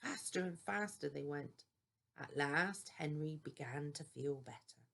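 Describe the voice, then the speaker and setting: An older woman reading a children's bedtime story aloud in a gentle, deliberate way. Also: deep voice, animated, vocal fry.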